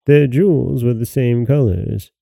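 A man narrating a fairy tale as a podcast host, in a measured, expressive way. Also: medium pitch, gravelly, no room sound. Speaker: storyteller host.

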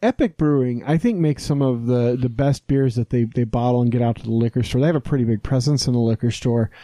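A man's voice: medium pitch, fast, warm tone, no echo. An American man hosting a podcast, chatting casually and joking, with the odd swear word. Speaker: podcast host.

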